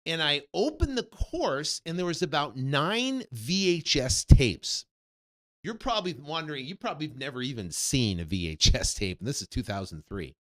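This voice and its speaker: Man, 50s, real estate coach, animated storyteller, very lively pitch swings. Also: moderate pace. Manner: animated storyteller who acts out quoted dialogue. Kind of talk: personal story told to an audience.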